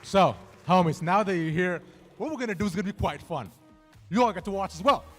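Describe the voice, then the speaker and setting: Hosting trivia live at a gaming event, this man talks briskly in a high-sitting voice with lively intonation, trading casual jokes with contestants inside a big indoor venue while faint music plays.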